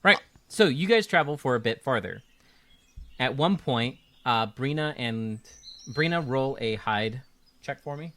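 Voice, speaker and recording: A man narrating a tabletop game as game master, relaxed and joking. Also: mid-range voice, a little slow.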